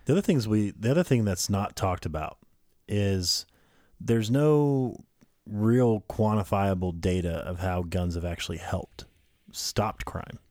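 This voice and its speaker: A man's voice: on the low side, unhurried, a little mellow, no room sound, clean studio sound. A man co-hosting a podcast, making his case in casual conversation with frequent restarts. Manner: conversational, argumentative, trailing restarts. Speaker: podcast co-host. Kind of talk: casual political podcast chat.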